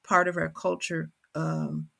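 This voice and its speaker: A woman's voice: lowish voice, sing-song, takes it slowly, vocal fry, a bit bright. A middle-aged woman from Kentucky with a country accent, speaking thoughtfully as an author guest in a reflective interview conversation. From Kentucky, USA. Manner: thoughtful, searching for words.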